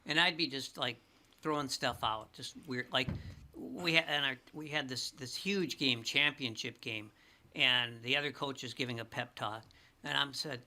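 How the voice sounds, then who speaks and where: A man chatting as a guest on a talk show, telling a long story with many restarts and animated asides. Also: mid-range voice, moderate pace. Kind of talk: casual chat, storytelling.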